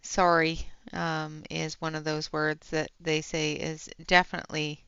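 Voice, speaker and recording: A woman from British Columbia with a Western Canadian accent, chatting casually as she colours on a livestream and talking softly while she works. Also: low-pitched, monotone, a little slow, vocal fry, clean tone, dry recording, muffled recording.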